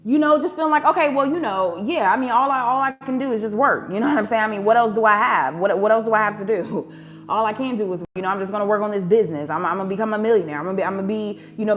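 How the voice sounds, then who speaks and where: A woman at a middle pitch talks straight to her viewers in a chatty, heartfelt way, now and then rising into short preaching bursts. Soft music plays quietly behind her. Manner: chatty and emotional, preaching in bursts, calls listeners "y'all" and "baby". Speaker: tarot card reader. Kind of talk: casual spiritual reading to camera.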